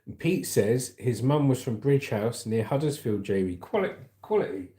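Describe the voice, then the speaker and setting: A man's voice: medium pitch, lively intonation, normal speed, dark tone, roomy sound. A man hosting a livestream, chatting casually and rambling as he reads the news, often calling his viewers "mate".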